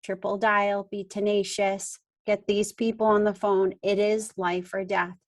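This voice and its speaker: A woman leads a team huddle and urges her callers to keep going. Her pitch stays flat and steady throughout. She sounds like she is on a video call. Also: unhurried. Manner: urging, motivational.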